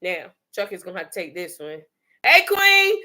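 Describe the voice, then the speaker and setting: This Bronx, New York woman runs a casual livestream, chatting and welcoming viewers by name. She talks fast in a lowish, fairly bright voice with fairly even intonation.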